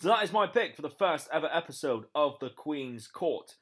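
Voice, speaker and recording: A man's voice: fairly high pitch, lively intonation, moderate pace, a bit bright, husky. A young British man with a British accent, upbeat and promotional as a guest pick on a wrestling podcast. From Britain. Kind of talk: pre-recorded podcast segment.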